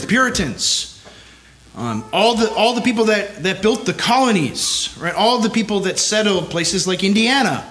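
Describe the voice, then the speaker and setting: With a high, slightly bright voice, a male pastor speaks forcefully at a conference, ending almost every line with "right?" to keep the audience with him.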